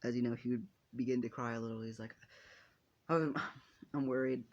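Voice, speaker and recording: A man's voice: mid-range voice, monotone, very fast, darkish tone, highs cut off. A man narrating an improvised fan story in a rambling, casual way, with many restarts and casual swearing.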